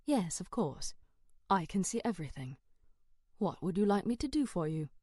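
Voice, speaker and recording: A woman voicing a polite female AI assistant with a British accent in an audiobook, speaking calmly and a little lower than her own voice. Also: normal speed, husky, no echo, clean studio sound.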